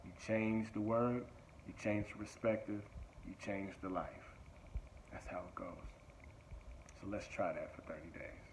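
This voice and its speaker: A man with a fairly low voice gives an emphatic motivational talk, repeating his key phrases and urging listeners on. A faint hiss of noise sits behind him. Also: measured pace, long pauses, rough recording. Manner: repetitive, emphatic, exhorting. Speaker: motivational speaker. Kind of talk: motivational monologue.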